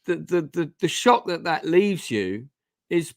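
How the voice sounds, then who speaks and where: A man's voice: fairly high pitch, sing-song, unhurried, no room sound, clean studio sound. A man hosting a casual review discussion, retelling scenes in a rambling way with frequent restarts. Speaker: host of a review channel.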